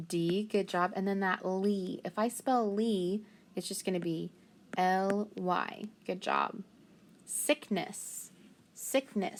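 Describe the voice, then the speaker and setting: A woman talks slowly and patiently, giving a spelling lesson. She sounds out each letter carefully, and her pitch sits in an ordinary middle range. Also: a little hiss or hum. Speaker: teacher.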